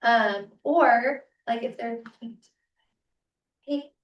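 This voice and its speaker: A woman leads a parenting seminar in a relaxed, chatty way, often tagging her points with a quick check-in. Her voice sits in a medium range. It carries through a reverberant room to a mic some distance away. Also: mid-range voice, lo-fi sound. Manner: casual, checks in with frequent "right?". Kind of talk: conversational teaching talk.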